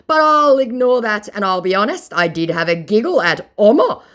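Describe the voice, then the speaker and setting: A woman's voice: mid-range voice, big pitch swings, moderate pace, a bit bright, voice pushed up. A woman voicing a smug, pushy male scammer posing as a famous rocker, in an exaggerated, sing-song mocking tone.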